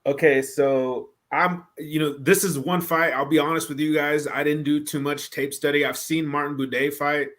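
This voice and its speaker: A man's voice: a little high, fairly even intonation, moderate pace, hardly any pauses, fairly bright tone. A man co-hosting a casual podcast about fight predictions, talking in an easygoing, candid way. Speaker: co-host.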